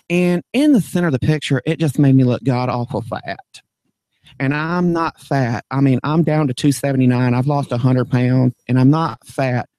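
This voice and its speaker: A man's voice: mid-range voice, mellow, dry recording, close to an everyday voice. A man playing a flamboyant florist who fusses about his weight, gushing and theatrical. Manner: gushing, theatrical, breaks into emotional wails. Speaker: prank caller. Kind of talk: prank phone call.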